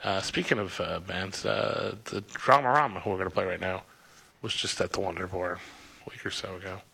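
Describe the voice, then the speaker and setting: A man hosting a radio music show, talking off the cuff and amusing himself as he lists the tracks. His voice is low and gravelly, with a husky edge and a bright, forceful tone. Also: fairly quick. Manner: rambling, self-amused, lots of uh fillers. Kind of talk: casual on-air song back-announcing.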